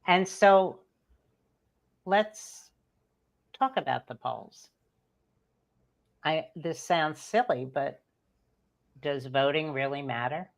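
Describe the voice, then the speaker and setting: A moderator of a casual panel discussion, asking questions in a relaxed, wry way. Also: mid-range voice, slow pace, gravelly, long pauses. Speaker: forum moderator.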